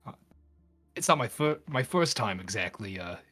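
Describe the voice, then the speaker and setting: A man's voice: lowish voice, sing-song, normal speed, pushed and bright, slightly rough, soft background music. A man playing a tabletop game in character, talking hesitantly with lots of fillers and restarts. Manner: hesitant, many fillers and stammers. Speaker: player.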